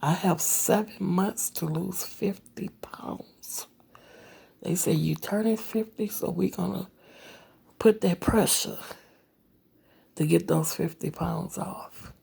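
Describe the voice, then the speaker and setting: Slow, husky, gravelly-voiced woman in her forties. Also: lowish voice, dark tone. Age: 40s. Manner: slow, rambling talk with many fillers and whispered asides. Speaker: vlogger. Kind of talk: casual personal vlog.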